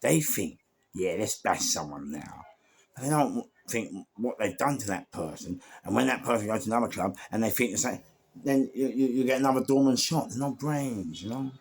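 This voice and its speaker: A man with a London accent and a medium-pitched, slightly rough voice talks a little fast. As a podcast guest, he tells rambling stories about working door security, full of restarts, fillers, and animated asides.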